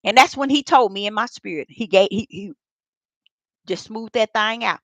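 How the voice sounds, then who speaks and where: A woman's voice: medium pitch, normal speed, fairly bright tone, no echo. An older woman telling a heartfelt spiritual testimony, repeating herself and speaking straight to her viewers. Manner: repetitive, heartfelt storytelling that addresses viewers directly. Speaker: vlogger sharing a personal faith testimony.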